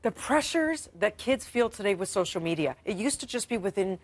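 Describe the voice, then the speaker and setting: A woman's voice: mid-range voice, expressive, a little fast. A woman co-hosting a morning TV show, chatty and emphatic. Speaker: TV co-host. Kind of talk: morning TV interview.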